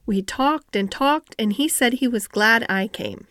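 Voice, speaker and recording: A woman's voice: a little high, measured pace, a bit bright, no room sound, clean studio sound. A woman voicing an earnest, determined young girl who speaks eagerly. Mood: insistent. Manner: eager, insistent.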